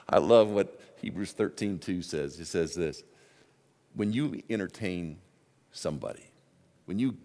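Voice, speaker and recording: A man preaching a sermon as the pastor, telling stories with his voice swinging from hushed asides to loud exclaims. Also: low-pitched.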